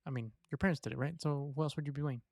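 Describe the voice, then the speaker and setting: A man's voice: a little high, rapid-fire, vocal fry, darkish tone, no room sound, clean studio sound. A man on a podcast speaking reassuringly and directly to the audience. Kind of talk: casual podcast conversation.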